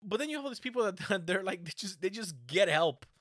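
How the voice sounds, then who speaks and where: A man with a bright, slightly high voice rants in casual talk, cursing freely and getting heated. The sound is dry and close. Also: fairly quick, dry recording. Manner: animated, swears a lot, ranting. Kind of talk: casual chat.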